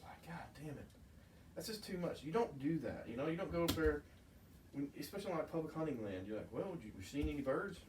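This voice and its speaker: A man's voice: a little high, big pitch swings, quick pace. A man co-hosting a podcast, telling stories with heated, profane outbursts. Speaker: podcast co-host. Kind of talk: casual chat. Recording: roomy, distant mic, faint noise.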